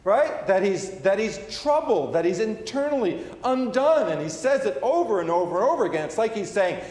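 A man's voice: sits high, sing-song, normal speed, few pauses, a little mellow. A man preaching a sermon, repeating key phrases for emphasis, with frequent fillers and restarts. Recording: echoey hall with long reverb.

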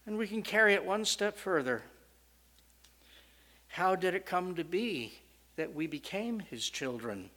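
A man preaching a sermon, swinging from loud, rising questions to soft, low statements with strong emphasis. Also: very animated, a little slow, pauses often.

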